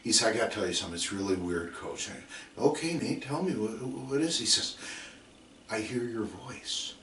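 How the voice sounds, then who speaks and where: A middle-aged football coach speaks on the low side at normal speed, his tone fairly bright and expressive. Emphatic and repetitive in his lecture, he repeats drill calls, shares stories, and imitates his players. There's slight background noise, and the distant mic sounds roomy.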